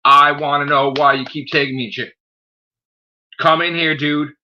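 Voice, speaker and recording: A man ranting angrily on his own live stream, swearing nonstop and tagging "okay?" onto his points. His voice sits a little high for a man. The audio is dull and lo-fi, like a cheap stream. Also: fairly even intonation, moderate pace, pushed and bright, a little hiss or hum. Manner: heated, swearing, repeats "okay?" often. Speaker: channel host. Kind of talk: angry live-stream rant.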